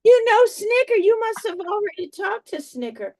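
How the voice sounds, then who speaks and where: A flustered, needy woman guest with a very high voice, as an improviser plays her. She frets and dramatizes her troubles in an improvised comedy sketch on a video call. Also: very animated, normal speed, darkish tone, full character voice.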